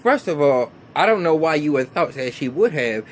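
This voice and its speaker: A man's voice: a little high, sing-song, moderate pace, a little hiss or hum. A man rambling through a casual recap of a reality show in a small room, repeating words and acting out quotes. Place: small hot room under a bright light.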